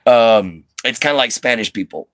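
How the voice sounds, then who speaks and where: A man's voice: medium pitch, lively intonation, moderate pace, a bit bright, dry recording. A man from the Southern US with a slight Southern twang, hosting a rambling, easygoing livestream chat with his viewers from inside an RV. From Southern United States. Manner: rambling, easygoing, many fillers and restarts. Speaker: livestream host.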